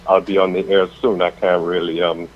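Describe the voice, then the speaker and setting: A man calling in to a radio show, hurried and friendly, saying he can't talk long. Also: deep voice, level tone. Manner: hurried, friendly, repeated thanks. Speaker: caller, radio DJ. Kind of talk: quick phone call. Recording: dull lo-fi phone line, faint noise.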